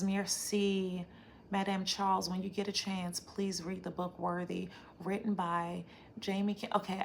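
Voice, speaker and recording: A woman hosting a casual livestream, reading viewer comments aloud and reflecting in a chatty, thinking-out-loud way. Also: fairly low pitch, gravelly, a little hiss or hum. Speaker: livestream host.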